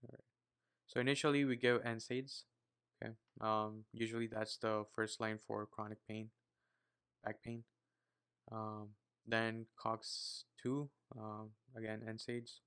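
A young man with an Indian accent reading medical study notes aloud, with many fillers and quiet muttered asides. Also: on the low side, little pitch movement, slow, long pauses, smooth. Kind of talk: casual read-aloud study session.

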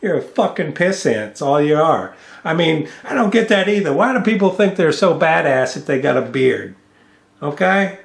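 This American vlogger has a high-ish, sing-song voice with vocal fry, speaking at a moderate pace in an echoey room. He rants angrily in a profane home vlog, cursing and mocking someone into a studio microphone with a mixing board.

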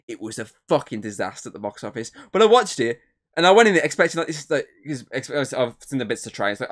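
A man's voice: medium pitch, lively intonation, fast talker. A man co-hosting a podcast, rambling through a film recap with lots of fillers and swearing. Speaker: podcast co-host. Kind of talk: casual podcast chat.

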